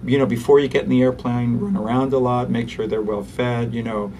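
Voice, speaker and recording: Man, pediatrician guest, animated explainer, mid-pitched voice, distant mic, faint background hiss. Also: brisk. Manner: animated, acts out parents and children. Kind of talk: interview, explaining parenting techniques.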